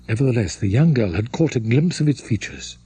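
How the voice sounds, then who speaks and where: Husky-voiced male audiobook narrator. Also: medium pitch, lively intonation, dark tone, dry recording. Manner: dramatic, measured storytelling. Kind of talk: scripted narration of a classic novel.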